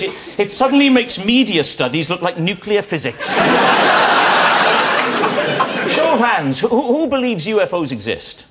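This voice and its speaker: A man hosting a comic talk show, teasing his guest and throwing out quick jokes. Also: sits high, big pitch swings, over a noisy crowd. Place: TV studio with live audience. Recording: studio with loud audience and noise.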